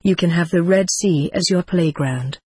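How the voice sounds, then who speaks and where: A boastful horned devil in a storybook reading, wheedling and pushing his offers like a salesman, as the reader puts him on. The voice is husky and sits at a middle pitch. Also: moderate pace, a little mellow, no room sound. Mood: gleeful. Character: boastful tempting devil with horns and tail.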